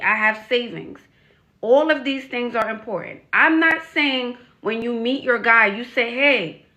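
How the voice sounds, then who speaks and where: A woman's voice: a little high, pushed and bright. A woman coach giving frank advice to young women on camera, stressing points by repeating them and asking pointed rhetorical questions. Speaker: dating and life coach. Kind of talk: direct-to-camera advice vlog.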